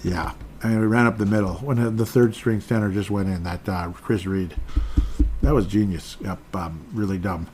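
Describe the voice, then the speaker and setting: Grumbling low-voiced man hosting a podcast. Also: fairly even intonation, normal speed, darkish tone, slight background noise. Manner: rambling, self-deprecating, grumbling. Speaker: podcast host. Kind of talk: solo podcast chat reading fan tweets.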